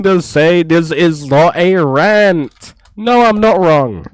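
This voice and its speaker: A man giving casual reaction commentary in a rambling, exasperated way on a low-quality mic. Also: expressive, takes it slowly, clear, resonant tone, no room sound. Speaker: reaction streamer.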